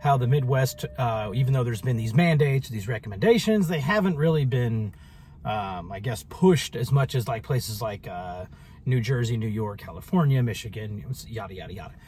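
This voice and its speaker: A man's voice: medium pitch, lively intonation, moderate pace, a little mellow, slight background noise. A man telling a story in a casual vlog monologue, rambling and sarcastic, with many restarts. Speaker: vlogger.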